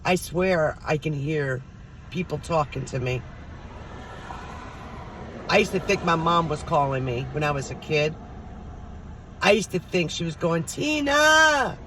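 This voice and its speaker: Speaking on the low side, she takes her time and pauses often, and there's a slight hiss or hum behind her. The middle-aged vlogger spins casual stories for her viewers, voicing the people who appear in them.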